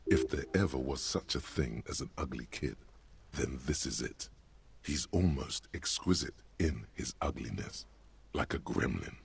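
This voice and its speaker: A man voicing a wry, omniscient video game narrator, slow and measured with literary phrasing. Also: very deep voice, animated, vocal fry, a little hiss or hum, exaggerated voice.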